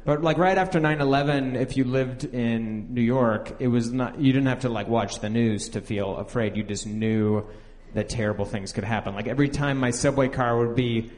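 A man's voice: medium pitch, normal speed, darkish tone, in a large hall. A young man telling a candid, rambling personal story, acting out the lines of the people in it. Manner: candid, rambling, full of "like" and acted-out quotes.

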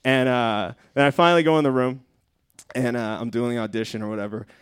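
A man telling a comedic story on a live stage, animated and profane, laughing through his own lines. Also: medium pitch, fast talker, clear, resonant tone.

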